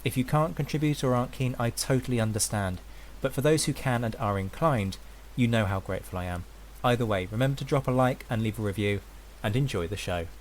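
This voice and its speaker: A man's voice: medium pitch, a little fast. A man hosting a history podcast, talking in an enthusiastic, chatty way with frequent restarts. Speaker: podcast host. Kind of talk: casual podcast chat.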